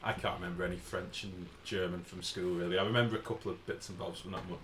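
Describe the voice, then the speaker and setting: A man's voice: sits low, fairly even intonation, fast, few pauses, a bit bright, a little hiss or hum. A British man streaming a game, chatting casually and joking at his own expense in an echoey room. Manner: self-mocking, chatty, joking with chat. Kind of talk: casual gameplay commentary.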